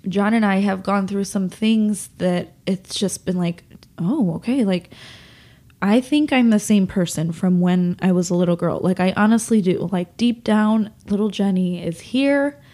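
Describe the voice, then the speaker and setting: A woman's voice: medium pitch, measured pace, dark tone. A young woman speaks on her own podcast, her voice nasal from holding back tears. She rambles in a confessional way, full of fillers and restarts as she works through her feelings. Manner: emotional, rambling, many fillers. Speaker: podcast host.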